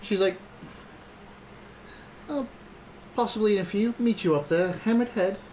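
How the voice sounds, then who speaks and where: A man's voice: high voice, measured pace, darkish tone, slight background noise, low-quality recording. A man running a tabletop game as game master, voicing characters for the players.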